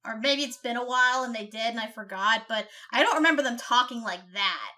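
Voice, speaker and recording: A woman's voice: a little high, a little fast, pushed and bright. A woman co-hosting a casual movie review podcast, talking in a chatty way with many "like" fillers. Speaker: podcast co-host.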